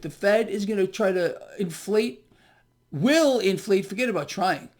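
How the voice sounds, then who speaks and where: A man's voice: high-pitched, a little mellow. A man hosting a ranting finance commentary, sarcastic and heated, mocking the news he reads out. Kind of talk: ranting monologue to viewers.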